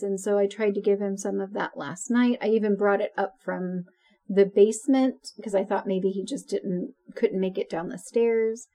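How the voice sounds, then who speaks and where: A woman's voice: medium pitch, warm tone. A woman co-hosting a podcast, chatting casually and laughing often. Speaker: podcast co-host. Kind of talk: casual chat.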